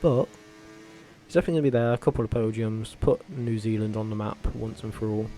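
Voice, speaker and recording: A man vlogging casually, talking in a rambling, animated way with frequent self-corrections and tangents. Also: lowish voice, fast talker. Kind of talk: casual opinionated commentary.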